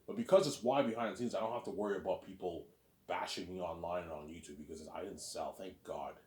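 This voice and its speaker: A man's voice: sits low, fast, a little mellow, roomy sound. A man hosting his own listening series, rambling in a casual, boastful monologue and often repeating words as he restarts.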